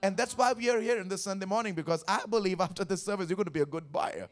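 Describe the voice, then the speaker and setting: A fast-talking pastor with a high voice delivers a Sunday sermon. He leans on repetition of key phrases, speaks emphatically, calls out for congregation responses, and goes through scripture one verse after another.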